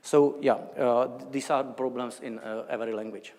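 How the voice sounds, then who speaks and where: A man's voice: mid-range voice, steady tone, normal speed, darkish tone, big-room sound. A man from the Czech Republic with a Czech accent, giving an academic lecture in a hesitant way, with many fillers and restarts. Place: large lecture hall.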